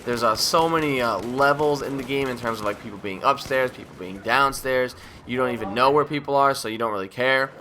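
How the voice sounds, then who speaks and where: A man's voice: medium pitch, fairly quick, a little hiss or hum. A man giving casual, rambling commentary over his own gameplay, joking and mocking himself as he goes. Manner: rambling, jokey, self-mocking; drowsy, yawning at times. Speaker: gaming video commentator.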